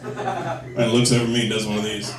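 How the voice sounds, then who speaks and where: A man's voice: medium pitch, sing-song, a little fast, crowd noise. A man doing a stand-up comedy set at a club, with crude, self-mocking punchlines. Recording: echoey club, mic from a distance.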